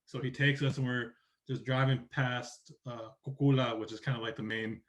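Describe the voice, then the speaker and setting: A soccer journalist from Oregon in the United States chats as a podcast guest in a medium-pitched voice with little pitch movement and a moderate pace. In this casual interview, he rambles through long stories and acts out what people said.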